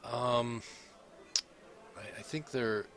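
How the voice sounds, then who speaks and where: A man at an ordinary middle pitch runs a tabletop game as its game master. He narrates haltingly, stopping often to fill with ums and restart his sentences. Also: a bit bright.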